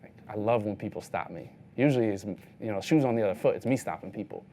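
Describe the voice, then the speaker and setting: A man's voice: fairly low pitch, fast talker, warm tone, a little hiss or hum. A man in his thirties, a street photographer, giving a casual talk full of anecdotes, leaning on "like" as he retells his encounters. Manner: loose storytelling, heavy use of "like", acts out other people's lines.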